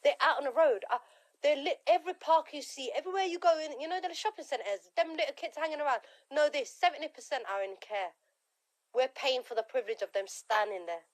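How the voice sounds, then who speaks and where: A woman's voice: high-pitched, brisk. A woman with a British slang-tinged accent giving blunt, opinionated takes in a casual live chat.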